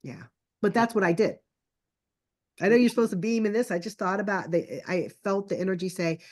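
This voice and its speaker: A middle-aged woman telling a family story in casual conversation, chatty and animated, acting out the lines of her relatives. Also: medium pitch, brisk. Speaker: guest. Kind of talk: casual storytelling on a podcast call.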